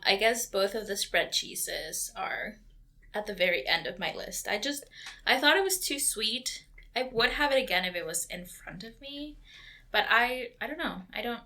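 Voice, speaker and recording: Bright young woman, teasing and easygoing. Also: mid-range voice. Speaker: podcast co-host. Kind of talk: casual chat.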